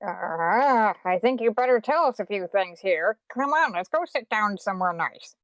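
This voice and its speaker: A woman playing a tabletop game, asking quick, quizzical questions. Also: medium pitch, lively intonation, no room sound, low-quality recording. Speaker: player.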